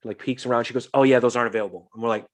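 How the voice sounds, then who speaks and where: A young man hosting a casual podcast tells a long story with a lot of life, acting out each voice and cursing freely. His voice sits at an ordinary pitch for a man. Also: racing. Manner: animated storyteller, swears freely, acts out quotes. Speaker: podcast host.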